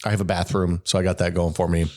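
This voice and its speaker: Hoarse, gravelly sick man. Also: little pitch movement, fast talker, a little mellow. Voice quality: gravelly, deep. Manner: rambling, self-deprecating, many restarts. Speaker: podcast co-host. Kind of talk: casual podcast chat. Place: room at home.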